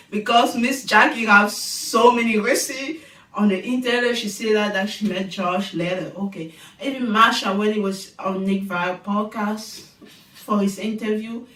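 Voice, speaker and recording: A woman giving a casual, animated recap of a reality TV show, exclaiming and firing off rhetorical questions. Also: medium pitch. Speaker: TV show reviewer. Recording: echoey room, distant mic.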